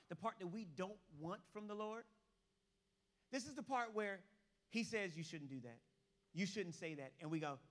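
A young man preaching with lots of animation, his voice pitched high for a man. The tone is bright and forceful, and he swings from loud bursts to quiet, hushed lines. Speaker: pastor. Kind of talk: animated sermon.

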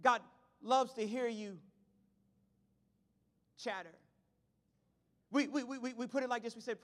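A man preaching a lively sermon to his congregation, swinging from shouts to quiet asides. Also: extremely high pitch, normal speed, pauses often. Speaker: pastor. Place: church sanctuary. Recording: long hall reverb.

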